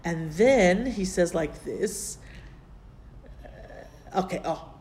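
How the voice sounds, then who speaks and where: A woman teaching a classroom Bible lesson, explaining step by step, translating Hebrew terms as she goes and pausing to search her notes. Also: lowish voice, lively intonation, warm tone.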